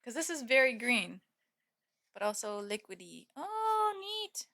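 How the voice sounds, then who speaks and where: A woman's voice: medium pitch, animated, moderate pace, vocal fry, bright, forceful tone. A young woman live-streaming from home, chatting casually with viewers and laughing often. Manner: giggly, chatty, reads chat aloud.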